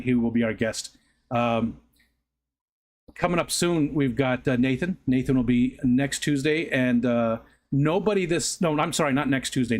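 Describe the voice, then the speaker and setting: A middle-aged man hosting a livestream, telling rambling stories in casual chat, often correcting himself and laughing. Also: mid-range voice. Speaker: livestream host.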